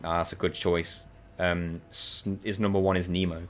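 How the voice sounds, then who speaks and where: Deep and low, this man's voice carries casual chatter with a friend as they play a co-op game on his gaming channel. He speaks at a moderate pace, telling energetic stories and laughing frequently.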